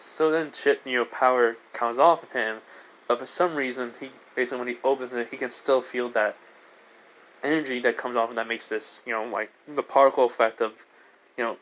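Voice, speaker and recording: A man's voice: mid-range voice, a bit bright, rough recording. A man casually retelling a fan story, rambling with lots of fillers as he goes. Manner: rambling, full of "you know" and "basically".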